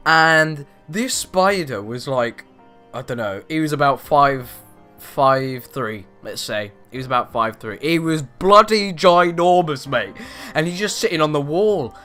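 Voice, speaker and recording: A teenage boy rambling in casual chat from his bedroom, animated and exaggerating with slang. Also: on the high side, unhurried, soft background music. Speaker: vlogger.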